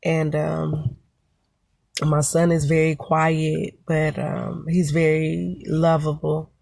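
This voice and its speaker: Woman in her 30s, slow gravelly storytelling voice, kinda flat, lots of "you know". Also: deep voice, no echo. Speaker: mother and vlogger. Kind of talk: personal storytelling to camera.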